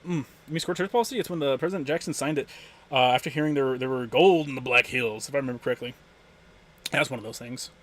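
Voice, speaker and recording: A man's voice: medium pitch, fast, fairly bright tone. A man streaming live and ranting to his chat, heated and full of profanity, often stumbling over restarts as he gets worked up. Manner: stammering restarts when worked up. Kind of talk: casual livestream rant to chat.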